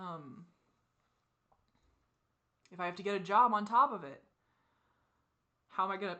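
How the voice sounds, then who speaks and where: A woman venting in a personal confessional vlog, teary and frustrated, with sighs and soft muttered asides. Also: mid-range voice, animated, unhurried, long pauses. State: teary, crying. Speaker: vlogger.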